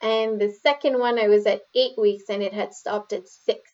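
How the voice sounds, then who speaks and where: A woman, chatting on a podcast and telling her stories in a lively way that acts out what others said. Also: mid-range voice, normal speed, soft background music. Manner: animated storyteller, acts out quotes. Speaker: podcast guest. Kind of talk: casual conversation. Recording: dull lo-fi podcast audio.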